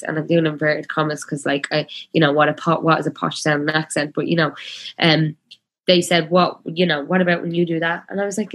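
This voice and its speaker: A woman's voice: low-pitched, steady tone. A woman in her twenties with a Dublin accent, talking passionately in a casual chat, full of fillers. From Ireland. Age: 20s. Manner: passionate, talks fast with many fillers.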